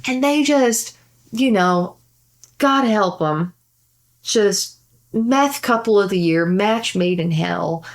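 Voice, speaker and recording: Speaking slowly in a mid-range voice, this comedian guest rambles through a story on a podcast. Frequent laughter and free swearing mark her casual telling, and she mimes gestures along the way.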